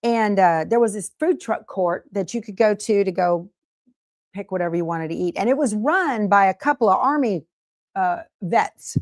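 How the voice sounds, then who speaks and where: A woman's voice: medium pitch, normal speed, dry recording. A middle-aged woman hosting a casual sewing livestream, chatting, laughing often and reading viewer comments aloud. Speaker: sewing show host.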